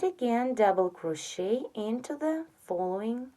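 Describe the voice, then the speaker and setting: Woman crochet instructor, slow and patient, lively pitch, counts stitches softly. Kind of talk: step-by-step tutorial narration.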